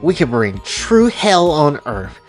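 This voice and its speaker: A man's voice: fairly high pitch, big pitch swings, takes it slowly, faint music behind, pitched above the performer's own voice. A man voicing a scheming female villain who craves despair, speaking in a smug, commanding way in a casual retelling of a story.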